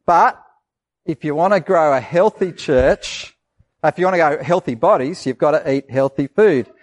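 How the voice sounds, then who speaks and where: Male pastor, lively children's sermon, slightly higher voice. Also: moderate pace. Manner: lively, asks the children questions and acts out voices.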